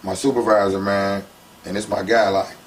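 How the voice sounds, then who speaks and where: A man's voice: lowish voice, moderate pace, slight background noise. Slangy man telling his story, distant mic. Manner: animated, slangy, heats up when retelling conflicts. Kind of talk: casual storytelling interview.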